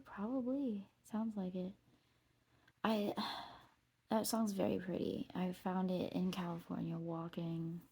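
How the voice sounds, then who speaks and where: A woman's voice: mid-range voice, vocal fry, mellow, breathy edge. A woman vlogging outdoors on a trail, telling a meandering personal story, swearing and laughing at herself.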